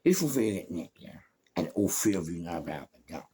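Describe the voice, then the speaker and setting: An older man with a London accent telling crime stories in a casual, animated monologue, swearing freely and acting out the voices of people in his story. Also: low voice, fairly quick, a little hiss or hum.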